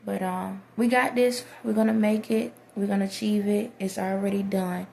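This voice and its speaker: A woman with a gravelly, dark voice gives an encouraging speech to camera on a phone, sounding like she's preaching. Her pitch stays flat and level, she keeps asking "okay?" to make sure viewers follow, and a faint hiss sits under the sound. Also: moderate pace. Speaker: vlogger. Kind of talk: motivational monologue to camera. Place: someone else's house.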